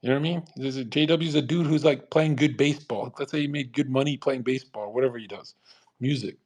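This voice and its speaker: A brash man hosting a live audio chat, talking fast and profanely and mocking others with put-on voices. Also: mid-range voice, darkish tone. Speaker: host of a live audio space.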